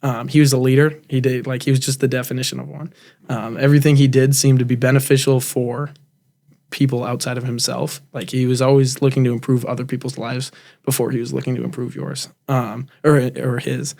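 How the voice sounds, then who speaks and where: Young man, flat easy delivery. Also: medium pitch, a little fast, vocal fry. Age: young adult. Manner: relaxed, many fillers and restarts. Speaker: guest, college football player. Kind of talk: casual interview talk.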